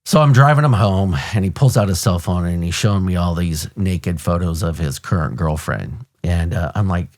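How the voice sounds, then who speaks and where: A deep, low-pitched American man in his fifties tells a story from his years as a police officer. He is blunt and animated, swears casually, and acts out the sounds of the scene. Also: moderate pace, hardly any pauses. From United States. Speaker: podcast host, retired police officer. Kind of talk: conversational storytelling.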